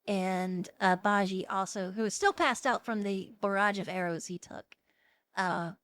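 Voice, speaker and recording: A woman's voice: mid-range voice, fairly even intonation, measured pace, a bit bright, no echo. A woman streamer casually recapping a film for her viewers, chatty and incredulous, breaking into laughter often.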